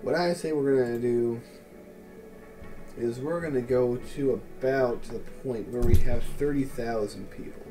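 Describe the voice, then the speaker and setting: A man's voice: medium pitch, measured pace, warm tone, soft background music. A man casually commenting on his city-building game in a wry, sarcastic, musing way. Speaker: let's play host.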